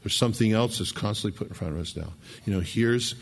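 A man's voice: lowish voice, fairly even intonation, fast. Emphatic middle-aged male preacher. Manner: emphatic, repeats key words, frequent restarts. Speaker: pastor. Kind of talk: sermon.

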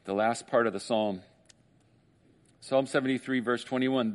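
Joking conversational pastor preaching. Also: male voice, medium pitch, fairly even intonation, a little slow, long pauses. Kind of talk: sermon.

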